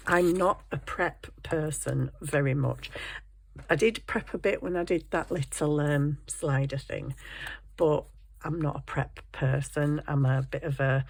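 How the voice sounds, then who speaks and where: A woman's voice: low voice, gravelly, slightly rough, no room sound. A woman chatting casually and rambling cheerfully about her craft project at her home desk. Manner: rambling, self-deprecating, chatty. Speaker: craft vlogger.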